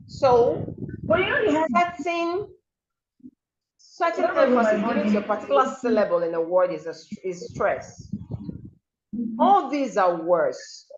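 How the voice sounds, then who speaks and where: Woman, diction teacher, slow careful delivery, repeats example words, muffled lo-fi audio. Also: on the high side, sing-song, a little hiss or hum. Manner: repeats words slowly and models pronunciation. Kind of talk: pronunciation seminar lecture.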